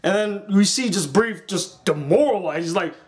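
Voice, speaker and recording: Young male reviewer, high voice, excitable and animated, casual and profane. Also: moderate pace. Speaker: anime reviewer.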